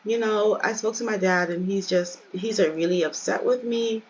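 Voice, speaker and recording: A woman voicing a young female student who is tired and feeling down, with soft, pleading delivery. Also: mid-range voice, moderate pace, lo-fi sound, slight background noise, lightly acted.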